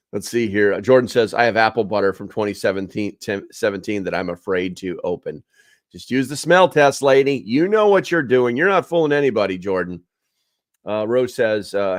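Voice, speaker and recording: A fairly low-voiced man talks casually on a livestream, reading out chat comments and answering them. He fills his talk with ums and calls viewers bro and dude. The sound is dry and close. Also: no room sound.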